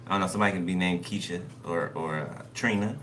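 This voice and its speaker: A man's voice: low voice, fast talker, fairly bright tone. A man giving a casual spoken tarot reading, loose and conversational, who keeps checking in with his listeners. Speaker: tarot card reader. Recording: noisy recording.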